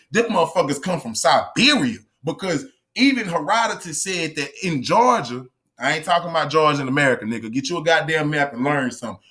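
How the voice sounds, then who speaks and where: High-pitched guy going off on camera, sharp bright voice, confrontational and repetitive. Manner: emphatic, repetitive, confrontational, addresses viewers directly. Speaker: online lecturer. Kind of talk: profane, heated monologue to camera.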